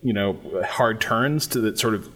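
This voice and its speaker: A man's voice: lowish voice, moderate pace, a bit bright. A man talking as a guest in a casual podcast chat, enthusiastic, often restarting his sentences and saying "like".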